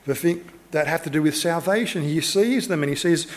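A pastor preaching a sermon with earnest, emphatic delivery, driving points home with short repeated urgings. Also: male voice, a little high, brisk.

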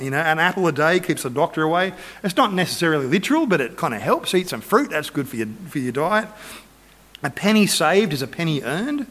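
A middle-aged man preaching a relaxed, conversational sermon, telling stories and acting out the voices in them. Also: sits high, fairly quick. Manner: conversational storytelling, acts out quoted voices. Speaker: pastor.

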